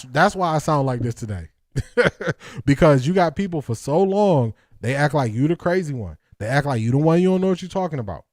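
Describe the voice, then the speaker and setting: A man's voice: on the high side, no room sound, studio quality. A man hosting a football breakdown livestream, talking energetically and emphatically, repeating lines and laughing often. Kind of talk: casual livestream commentary.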